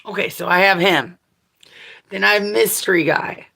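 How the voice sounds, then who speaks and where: Bright-voiced foul-mouthed woman in her forties. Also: mid-range voice, fairly even intonation, moderate pace, gravelly. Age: 40s. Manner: profane, blunt, laughs often. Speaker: vlogger. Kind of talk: casual rambling monologue.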